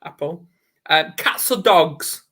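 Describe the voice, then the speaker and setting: The Northern English host keeps his video-call interview chatty and upbeat, rattling off quick-fire questions. Here his fairly high voice is expressive, bright and pushed, though he speaks at a slow pace.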